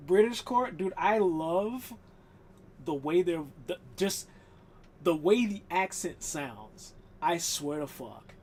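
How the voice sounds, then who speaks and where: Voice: mid-range voice, expressive, takes it slowly, a little mellow, a little hiss or hum. A live streamer chatting casually while gaming, rambling and swearing, laughing often.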